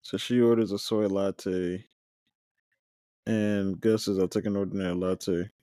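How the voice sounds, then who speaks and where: A man talks through an episode recap in an easygoing, meandering way, tossing in fillers as he goes. His voice sits on the lower side and sounds warm and mellow. It's recorded close and dry, with no room sound. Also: little pitch movement, a little slow, no echo. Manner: rambling, loose retelling with fillers. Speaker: podcast host.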